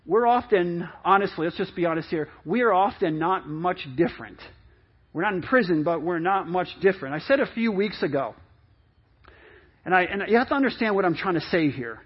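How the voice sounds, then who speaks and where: A man's voice: high-pitched, expressive, fairly quick, breathy edge, muffled recording. A middle-aged man preaching a sermon in a conversational way, with many repeats and restarts, acting out people's excuses. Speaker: pastor.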